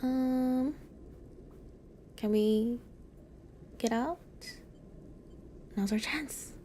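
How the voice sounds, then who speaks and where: A woman's voice: on the high side, very slow, long pauses, mellow, a little hiss or hum. A young adult woman streaming a game, musing and hesitating with frequent "um"s as she plays. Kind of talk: casual gameplay commentary.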